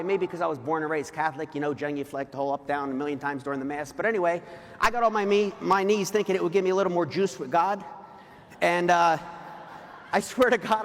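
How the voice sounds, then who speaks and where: A middle-aged man speaks from a stage, his voice sitting high for a man. He talks emphatically and confessionally, often pushing up into shouts. His voice carries through the long reverb of a big event hall. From New Jersey. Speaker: motivational speaker. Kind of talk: live stage talk to an audience.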